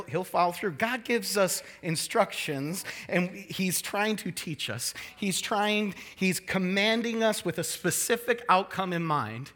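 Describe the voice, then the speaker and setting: A man in his thirties preaches with a high, sharply bright voice. He swings his pitch widely as he jokes and acts out the people he quotes. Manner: animated, joking, acts out quotes in changing voices. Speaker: pastor. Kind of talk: sermon.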